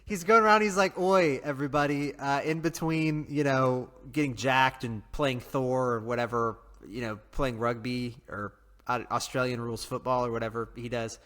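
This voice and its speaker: A man's voice: medium pitch, steady tone, moderate pace, fairly bright tone. Rambling, jokey man with an echoing sound. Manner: rambling, jokey, laughs often. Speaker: podcast co-host. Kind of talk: casual chat.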